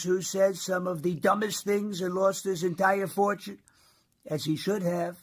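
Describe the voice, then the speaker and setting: A man doing a brash president impression. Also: sits high. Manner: boastful, mocking, drawn-out emphasis. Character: impression of a brash male president reading his post. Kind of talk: comic impression.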